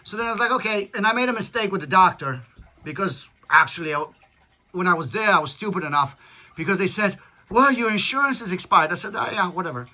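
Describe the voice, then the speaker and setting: A man's voice: high-pitched, lively intonation, fast, sharp tone. A father talking casually to his family about how he made a song, rambling with many restarts and tag questions. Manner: rambling, repeats "right?", restarts.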